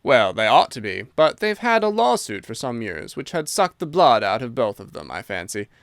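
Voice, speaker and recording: A man voicing a hearty old military colonel who talks in a brisk, forthright way. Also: mid-range voice, very animated, gravelly, no echo, studio quality.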